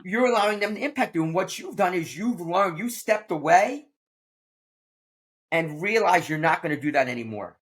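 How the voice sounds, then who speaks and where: A man hosts a casual podcast conversation. He talks bluntly and plainly, like a teacher who doesn't sugarcoat, and his pitch moves up and down a lot. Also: lively intonation, moderate pace, fairly bright tone. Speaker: podcast host.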